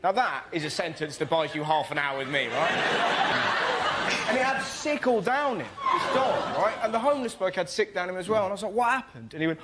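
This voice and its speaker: A man telling a stand-up anecdote, fast and animated. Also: high voice. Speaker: comedian. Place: TV studio stage. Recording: studio with loud audience noise.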